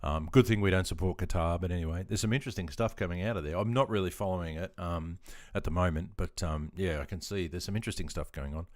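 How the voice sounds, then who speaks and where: An Australian man streaming live, chatting casually in a relaxed, rambling way with frequent ums and chuckles. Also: low-pitched, fast talker, few pauses, dry recording, studio quality.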